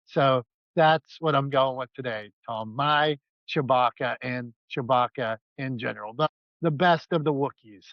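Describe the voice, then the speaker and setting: A man's voice: medium pitch, unhurried, no echo, dull audio. A man co-hosting a podcast, joking around in a playful, self-mocking way. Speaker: podcast co-host. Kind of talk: casual podcast banter.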